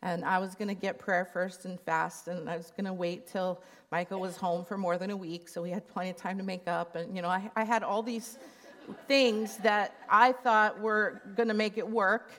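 A woman's voice: mid-range voice, steady tone, moderate pace, a bit bright. A middle-aged woman gives a candid, emotional personal testimony at a church conference. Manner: candid and emotional, laughing while telling the story. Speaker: conference speaker.

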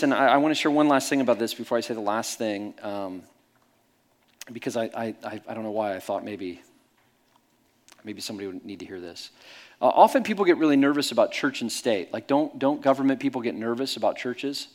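Animated man preaching a sermon. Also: mid-range voice. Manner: animated storytelling, candid and emphatic. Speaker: pastor.

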